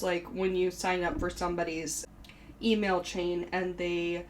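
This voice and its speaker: A woman's voice: on the low side, flat delivery, unhurried, slight background noise, low-quality recording. A woman in her thirties hosting her own podcast, talking candidly in a casual, chatty way with frequent fillers. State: briefly tearful. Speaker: podcast host. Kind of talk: casual solo podcast chat.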